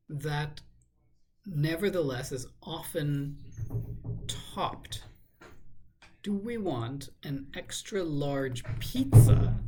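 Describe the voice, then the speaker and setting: A man thinking aloud in a measured, musing way as he works through a crossword, now and then correcting himself. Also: mid-range voice, darkish tone, breathy edge. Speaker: crossword solver. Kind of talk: thinking aloud while solving a puzzle.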